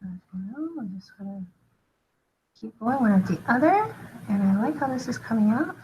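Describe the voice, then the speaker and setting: A woman's voice: on the high side, expressive, moderate pace, lo-fi sound, a little hiss or hum. A young woman artist casually talking through her storyboard drawing, chatty and self-deprecating as she thinks aloud.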